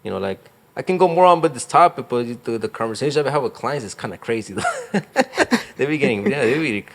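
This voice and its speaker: A man's voice: mid-range voice, animated, fast talker. A young man, a real estate agent, talking casually in an interview, rambling with lots of fillers and slang. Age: young adult.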